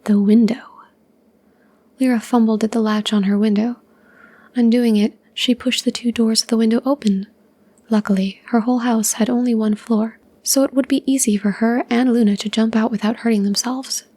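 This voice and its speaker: A woman reads a short story in a soft ASMR whisper, unhurried and even. Her breathy voice is mellow and dark, with a flat, steady line and little rise and fall. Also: fairly high pitch.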